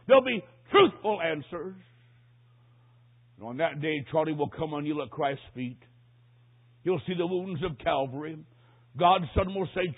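Husky preacher over a tinny line. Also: male voice, a little high. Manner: dramatic storytelling, swings from hushed to loud. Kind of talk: sermon. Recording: tinny phone-like recording.

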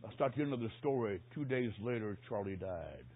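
A man preaching a sermon with dramatic storytelling, swinging from hushed to loud. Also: fairly low pitch, lively intonation, brisk, breathy edge. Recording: tinny phone-like recording.

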